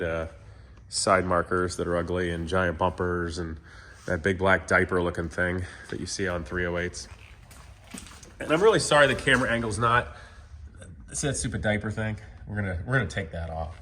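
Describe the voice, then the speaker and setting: A man's voice: deep voice, sharp tone. Man, car vlog host, rambly and candid, chatting to viewers in his shop, under the weather. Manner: candid, rambling, talks to viewers as "you guys". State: sick. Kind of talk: casual vlog walkthrough.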